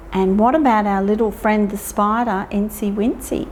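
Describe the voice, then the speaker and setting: An Australian woman leading toddlers through nursery rhymes and action songs, singing and speaking in a slow, exaggerated sing-song with some whispered quiet parts. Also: mid-range voice, steady tone. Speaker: children's librarian leading rhyme time.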